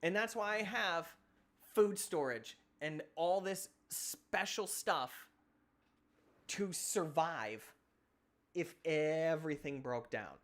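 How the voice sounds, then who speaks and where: A young man streaming live, venting in a heated, exasperated rant full of rapid-fire questions. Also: a little high, fairly bright tone.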